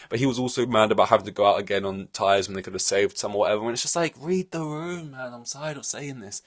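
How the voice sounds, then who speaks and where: A man's voice: fairly low pitch, quick pace, few pauses. A man hosting a solo podcast, ranting in an exasperated, rambling way with many fillers and restarts. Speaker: podcast host.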